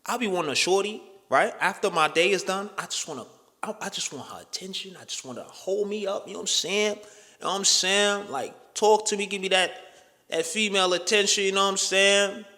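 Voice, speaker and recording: A man's voice: sits high, brisk, bright, forceful tone, big-room sound. A young man talking bluntly into the camera in a casual opinion monologue. He swears freely and keeps asking "right?" and "you know what I'm saying". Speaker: vlogger.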